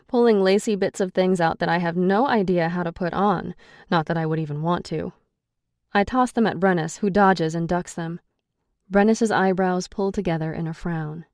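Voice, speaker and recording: Low-voiced woman narrating an audiobook. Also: steady tone, moderate pace, a little mellow, no echo, clean studio sound. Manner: wry, sarcastic first-person storytelling. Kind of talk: first-person audiobook narration.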